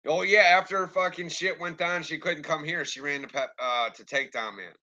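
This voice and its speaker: Man, livestreamer, angry profane rant, rambling, forceful sharp voice, slightly high. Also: fairly quick, highs cut off. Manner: angry, swears constantly, rambling. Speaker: livestreamer talking to chat. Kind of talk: profane ranting live stream.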